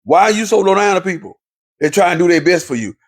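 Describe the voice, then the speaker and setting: Talking fast in a high-pitched voice, a male relationship commentator lectures viewers passionately about relationships. He keeps restating his points to hammer them in.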